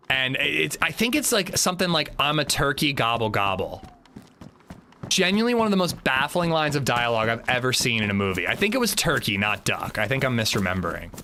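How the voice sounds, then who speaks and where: Rambling, animated male game streamer. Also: medium pitch, slight background noise. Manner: rambling, blunt, swears casually. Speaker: gaming livestreamer. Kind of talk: casual live gameplay chat.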